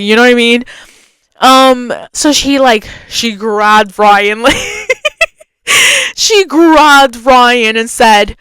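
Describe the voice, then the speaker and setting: A woman hosting her own podcast tells a story in a loose, chatty way, full of "like" fillers. Her voice sits a little high and comes across smooth and clear, recorded close and dry. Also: fairly bright tone, dry recording. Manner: acts out quoted voices with pitch jumps. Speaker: podcast host. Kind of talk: casual storytelling.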